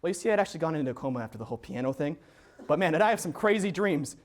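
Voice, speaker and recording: A young man in a solo comedy performance, telling his story in a hurried, flustered way. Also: on the high side, lively intonation.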